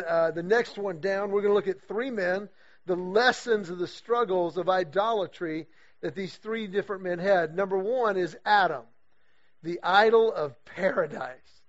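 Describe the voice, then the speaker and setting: A middle-aged man telling a story in a sermon to a men's group, acting out the voices of the people he quotes. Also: sits high. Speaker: guest speaker leading a men's series. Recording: dull lo-fi recording.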